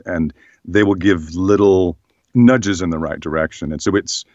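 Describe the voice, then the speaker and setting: A man, a voice actor, talking in a relaxed, thoughtful way in an interview, his voice slightly hoarse. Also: sits low, moderate pace, no room sound, lo-fi sound. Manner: relaxed, thoughtful, many fillers. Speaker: voice actor guest. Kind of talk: casual interview chat.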